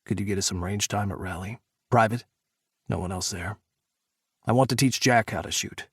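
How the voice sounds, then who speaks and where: A man voicing a gruff, tense male agent who talks in a clipped, growling way. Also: on the low side, moderate pace, no room sound, studio quality. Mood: urgent.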